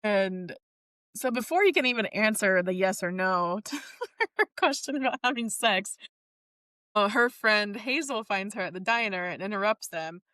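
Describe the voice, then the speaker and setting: A woman's voice: mid-range voice, animated, normal speed, pushed and bright, no room sound, clean studio sound. A woman co-hosting a podcast, chatting casually about a book and chiming in with plot details. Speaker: podcast co-host. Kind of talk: casual book discussion chat.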